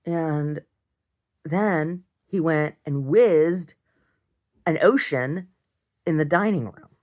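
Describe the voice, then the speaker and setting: A woman recording a casual video diary, rambling through an animated story and acting out what others said. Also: low-pitched, extremely slow. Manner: rambling, animated retelling with acted-out quotes. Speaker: video diarist.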